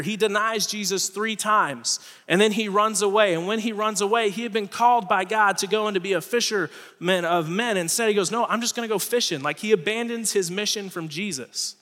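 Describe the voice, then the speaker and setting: A man preaching a sermon as pastor, earnest, letting his voice fall low and soft at the ends of phrases. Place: church auditorium stage. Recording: reverberant hall with faint music.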